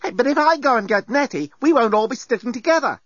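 A man's voice: extremely high pitch, lively intonation, fast talker, fairly bright tone, dry recording, pitched above the performer's own voice, heavily acted. A man voicing an indignant young woman. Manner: indignant, snappy. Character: exasperated young woman, sharp-tongued. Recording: dull lo-fi dry recording.

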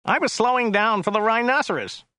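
A man doing a high whiny grumbling cab driver. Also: lively intonation, a little fast, pushed and bright, no room sound, clean studio sound. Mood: disgusted. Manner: whiny, contemptuous, matter-of-fact. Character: gruff grumbling American male cab driver. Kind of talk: audiobook character voice.

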